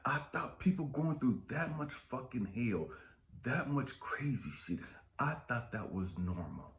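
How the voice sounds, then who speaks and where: A middle-aged man giving an impassioned motivational monologue. He is blunt and profane, repeats lines for emphasis, and swings between low murmurs and fired-up outbursts. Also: expressive, measured pace, a bit bright, roomy sound. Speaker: motivational speaker.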